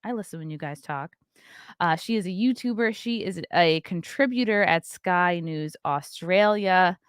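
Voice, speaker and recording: A woman hosting a podcast, chatting casually and reading a sponsor spot in an animated, quick-aside way. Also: on the low side, clean tone, no room sound, clean studio sound. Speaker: podcast host. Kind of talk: casual chat and sponsor read.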